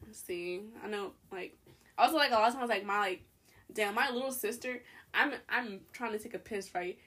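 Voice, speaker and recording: A woman's voice: medium pitch, moderate pace, a bit bright. A young woman hosting a podcast, telling stories in a rambling way with lots of fillers and laughs. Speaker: podcast host. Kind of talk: casual chat.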